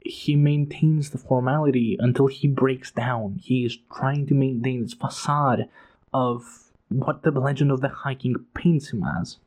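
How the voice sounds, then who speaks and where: A man's voice: mid-range voice, darkish tone. A man giving an emphatic, profane, passionate casual analysis of a book. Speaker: book commentator.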